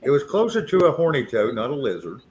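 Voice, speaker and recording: A man's voice: medium pitch, wildly swooping pitch, quick pace, darkish tone, a little hiss or hum, rough recording. A man hosting a casual chat, teasing his guests and laughing at his own jokes.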